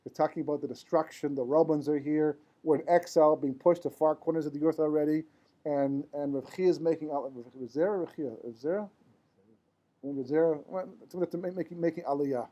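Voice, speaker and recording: Male rabbi, informal Torah lecture, fairly high voice, warm mellow tone, rhetorical questions. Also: fairly even intonation, brisk. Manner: conversational, asks rhetorical questions and checks in with "right?"; mixes Hebrew and Yiddish terms into English. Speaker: rabbi teaching a Torah class. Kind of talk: informal lecture to a live class.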